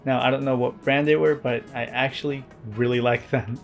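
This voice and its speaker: A man tells his story as a vlog voiceover in a flat, deadpan delivery and drops wry asides along the way. His pitch sits in the middle range. Faint music plays underneath. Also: moderate pace. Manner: introverted, earnest. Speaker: vlogger. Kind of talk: scripted vlog narration.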